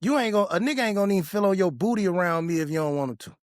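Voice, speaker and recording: A man's voice: high voice, rapid-fire, no echo, studio quality. A man hosting his own podcast, telling a personal story in a casual, blunt way full of street slang and profanity. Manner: animated when retelling confrontations. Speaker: podcast host.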